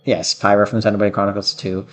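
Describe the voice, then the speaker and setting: A man's voice: on the low side, level tone, fast talker. A man streaming a game, talking in a hesitant, rambling way with many fillers as casual commentary.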